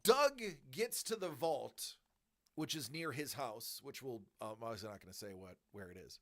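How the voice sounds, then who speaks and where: A man hosting a collectibles channel, telling a story in a joking, animated way and acting out the voices. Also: mid-range voice, normal speed. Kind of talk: casual storytelling.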